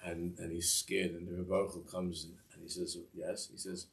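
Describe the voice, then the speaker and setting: A man with a very low voice tells a Hasidic tale to a class. He rambles and keeps restarting his sentences, and he sits well back from a distant mic. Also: monotone, vocal fry, a bit bright. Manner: rambling, halting, with many restarts and asides. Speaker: Torah teacher. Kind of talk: telling a Hasidic story in a class.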